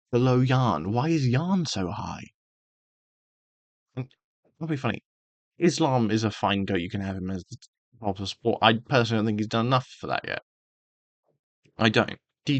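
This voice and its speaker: A man's voice: lowish voice, a bit bright, dry recording. Angry, sweary man ranting. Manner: heated, sweary, emphatic. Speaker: karate channel host. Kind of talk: angry opinion rant.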